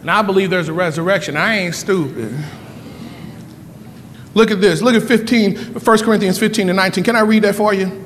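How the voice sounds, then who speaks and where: Pastor, male, high bright voice, fervent sermon with rapid-fire repeated questions, echoey church hall. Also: a little hiss or hum.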